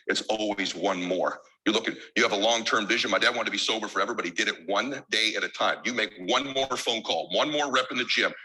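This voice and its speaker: A man's voice: on the low side, fast talker, few pauses, pushed and bright, rough recording. A man giving an emotional keynote speech as a motivational speaker, emphatic and driven by insistent repetition.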